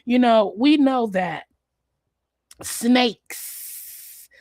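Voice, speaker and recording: A woman hosting a casual livestream, hoarse and apologizing for her voice, greeting viewers by name in a chatty, familiar way. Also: on the high side, very slow, darkish tone, dry recording, clean studio sound. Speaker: livestream host.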